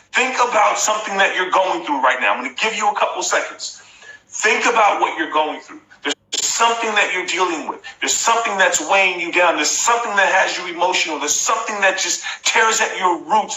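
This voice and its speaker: A man in his forties speaks as a motivational host on a live stream, his voice ringing bright and a little high for a man. He leans on repetition and coaches his viewers directly. The sound is echoey, as if he were in a bare room. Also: lively intonation, fairly quick.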